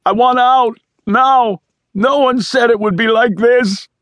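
A man's voice: very high-pitched, fairly even intonation, takes it slowly, fairly bright tone, dry recording, voice pushed up, heavily acted. A man voicing a distraught young man in his early thirties, pleading and screaming in an audiobook thriller. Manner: pleading, shrieking. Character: young man breaking down, desperate. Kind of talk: audiobook character voice.

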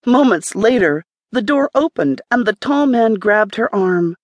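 A woman reads a romance audiobook in a steady, measured storytelling voice. Her voice sits at a middle pitch and is recorded close and dry, with no room sound around it. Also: no echo. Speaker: audiobook narrator. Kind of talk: scripted romance narration.

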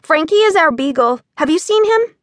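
A woman voicing a bold know-it-all eight-year-old girl in an audiobook, loud and quick to answer. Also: very high-pitched, animated, no echo, clean studio sound, pitched above the performer's own voice. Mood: bossy.

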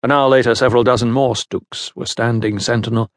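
Male narrator, measured historical-fiction reading, gravelly and dry. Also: medium pitch, steady tone, no room sound. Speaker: audiobook narrator. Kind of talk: scripted narration.

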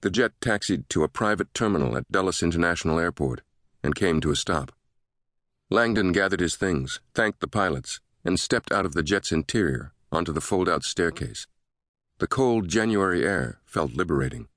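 A man narrating a thriller audiobook in a steady, measured way. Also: low voice, no echo, studio quality.

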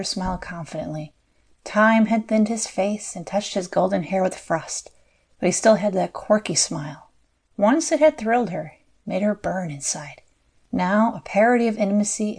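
A woman narrating a fantasy audiobook in a measured, scripted storytelling style. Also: medium pitch, lively intonation, darkish tone, breathy edge.

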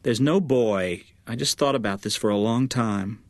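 A man's voice: mid-range voice, moderate pace, no echo, close to an everyday voice. A man voicing an earnest, determined young woman in an audiobook, speaking firmly and patiently. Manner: firm and patient. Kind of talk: audiobook character voice.

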